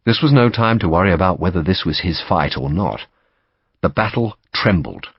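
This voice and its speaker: A man reading a novel aloud as audiobook narration, steady and dramatic. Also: deep voice, normal speed, breathy edge, no echo, dull audio.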